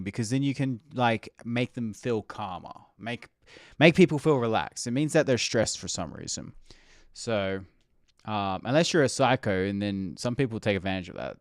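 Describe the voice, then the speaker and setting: A man's voice: mid-range voice, no room sound, clean studio sound. A man streaming, reacting to memes in casual, rambling chat full of "like".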